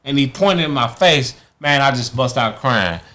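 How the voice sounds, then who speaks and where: A man tells a long personal story as a podcast guest. His delivery is loose and animated, full of cursing. He keeps slipping into the voices of the people in his story. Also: medium pitch, moderate pace. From Chicago, USA. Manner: animated, profane, acts out quotes in others' voices. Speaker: guest, former boxing champion. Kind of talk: casual storytelling.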